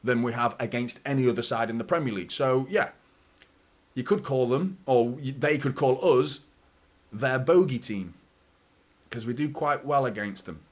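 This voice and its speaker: Man, light mancunian accent, fan match commentary, middle pitch, chatty, rambling, excitable at chances. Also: normal speed. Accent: light Mancunian, mostly neutral. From Manchester, England. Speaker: fan watchalong host. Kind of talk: live match commentary and casual chat.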